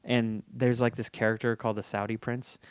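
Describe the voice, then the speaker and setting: A man's voice: mid-range voice, little pitch movement, fairly quick, clear, resonant tone, no echo. A young man hosting a casual podcast chat, rambling through stories and laughing often. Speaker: podcast host.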